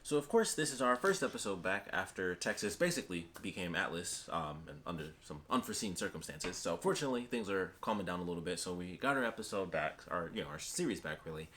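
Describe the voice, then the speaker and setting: A man's voice: deep voice, animated, fast talker, hardly any pauses, fairly bright tone, a little hiss or hum. Chatty young man reviewing a show. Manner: chatty, joking, lots of fillers. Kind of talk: casual review vlog.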